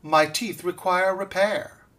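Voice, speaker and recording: A man's voice: high-pitched, steady tone, slow, a bit bright, pitched above the performer's own voice. A man voicing a sly, grinning male crocodile in a storybook poem, coaxing and drawn out.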